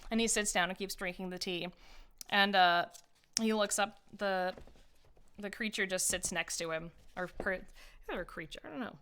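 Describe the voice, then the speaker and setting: A woman narrates a tabletop game as dungeon master, chatty and hesitant. Her voice is bright and crisp. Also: medium pitch, normal speed. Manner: chatty, laughing, hesitant with fillers.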